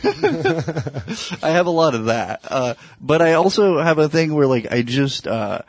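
Husky guy rambling about himself, kinda self-deprecating, dry close mic. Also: fairly high pitch, big pitch swings, unhurried, no echo. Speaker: comedian guest. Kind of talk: casual podcast chat.

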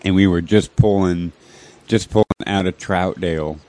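A man in a casual chat with friends, telling stories in halting bits and repeating his words. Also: deep voice, steady tone, a little mellow, no room sound.

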